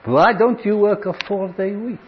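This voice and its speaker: A man's voice: sits high, moderate pace, highs cut off, heavy background noise, pitched above the performer's own voice, lightly acted. A man putting on a pompous boss with a fake French accent. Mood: mock-grave.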